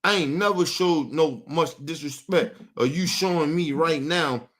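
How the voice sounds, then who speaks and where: A man's voice: a little high, unhurried, fairly bright tone. A man hosting a show, ranting angrily in with heavy swearing and a lot of repetition. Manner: angry, repeats himself, swears heavily. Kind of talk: heated on-air rant.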